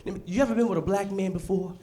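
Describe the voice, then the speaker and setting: A man from the United States performing a stand-up comedy set on a club stage with punchy, animated delivery. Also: sits high, rapid-fire. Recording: live club set with audience laughter. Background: crowd laughter and room noise.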